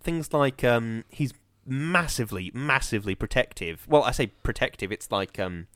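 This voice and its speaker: A man's voice: medium pitch, normal speed, no room sound. A man, chatting casually over a video call and telling a long story with lots of fillers. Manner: rambling, animated storytelling with fillers. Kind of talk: casual chat.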